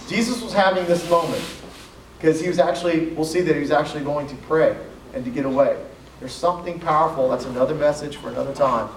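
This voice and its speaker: Youth camp speaker, male, higher voice, joking asides, heard from far back in an echoey hall. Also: slight background noise. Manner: joking, conversational, reads scripture aloud with asides. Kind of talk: casual youth sermon.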